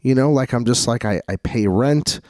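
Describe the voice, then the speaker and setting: A young adult man talking loosely on a podcast as co-host, drifting through anecdotes and putting on voices for the people he quotes. His voice sits at an ordinary pitch and sounds close and dry, with almost no room. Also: normal speed, a little mellow, no room sound. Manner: rambling storyteller, acts out quotes. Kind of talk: casual podcast chat.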